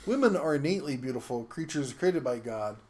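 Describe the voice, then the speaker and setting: A middle-aged man hosting a live tool show, chatting casually and reading viewer comments in a rambling, halting way with many fillers. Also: medium pitch, animated, darkish tone.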